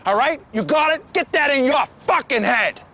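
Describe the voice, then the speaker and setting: A man's voice: very high-pitched, animated, moderate pace, gravelly, pushed and bright, heavily acted. A film actor playing an angry, threatening man who swears harshly, in a crime drama clip. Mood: menacing. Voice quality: harsh, profane, menacing. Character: angry threatening man, hard-edged crook.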